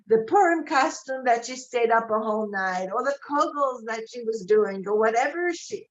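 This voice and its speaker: A woman's voice: medium pitch, muffled recording. An older woman giving an informal Torah class, telling stories, quoting conversations and mixing in Hebrew terms. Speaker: Torah lecturer.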